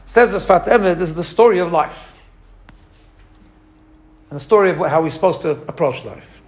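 A man teaching a lively religious lesson. He imitates sounds as he explains and often restarts his phrases. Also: high-pitched, normal speed, pauses often. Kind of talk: teaching talk.

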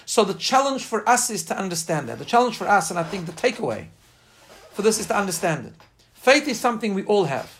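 A man's voice: high-pitched, sing-song, fast, vocal fry, fairly bright tone, slight background noise. A man giving an informal class on faith, speaking earnestly and emphatically and weaving in personal stories. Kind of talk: informal spoken class lecture with personal anecdotes.

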